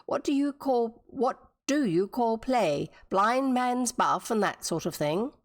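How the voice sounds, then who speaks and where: A woman voicing a male cuckoo bird who talks solemnly and in a measured, businesslike way in a storybook reading. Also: fairly high pitch, animated, no echo, pitched above the performer's own voice.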